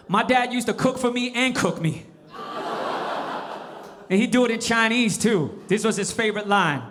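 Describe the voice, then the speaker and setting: A man in his forties performing a stand-up comedy set, animated and switching into impressions. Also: high voice. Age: 40s.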